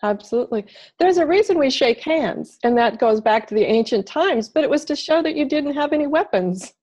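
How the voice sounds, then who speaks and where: A woman guest talking casually as a body language expert over a video call, animated and playing out little quoted voices. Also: high voice, brisk. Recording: dull lo-fi video call audio.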